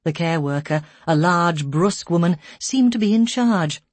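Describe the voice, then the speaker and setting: A woman narrates a story in a slow, somber way, her voice lowish and husky. The recording is close and dry. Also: lively intonation, darkish tone, no echo. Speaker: audiobook narrator. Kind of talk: scripted narration.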